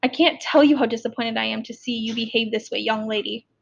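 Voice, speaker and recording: A woman's voice: fairly high pitch, fairly even intonation, fairly quick, gravelly, highs cut off. A woman voicing a stern, hot-tempered middle-aged male prison warden who lectures and scolds.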